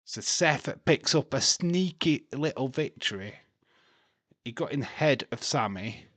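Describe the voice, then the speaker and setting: This watch-along host's medium-pitched voice is animated, a little slow and a bit bright, with no echo. Streaming a live wrestling show, he gives casual commentary, chatting, laughing often and teasing his chat as he reads it.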